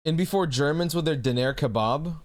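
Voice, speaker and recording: A man's voice: on the high side, brisk. Chatty young man streaming. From United States. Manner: loose and chatty, swears freely, laughs often. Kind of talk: casual livestream chat, reading chat aloud.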